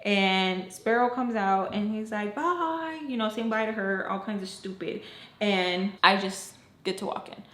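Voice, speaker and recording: A young woman casually telling a storytime, acting out what people said with big jumps in pitch and saying "like" often. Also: normal speed. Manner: animated, acts out quotes with jumps in pitch, frequent "like". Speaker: storytime vlogger. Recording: roomy echo, faint background noise.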